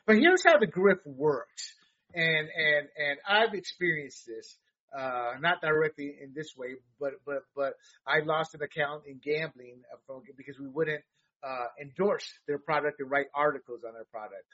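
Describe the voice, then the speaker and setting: A man's voice: a little high, normal speed, sharp tone, dull audio. A man co-hosting a casual political talk show, speaking heatedly with many fillers and restarts.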